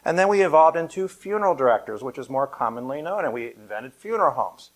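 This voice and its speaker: A middle-aged funeral director speaks live to an audience in a funeral home's event room, his voice on the high side, animated and quick. He keeps it conversational and anecdotal, with touches of light humor.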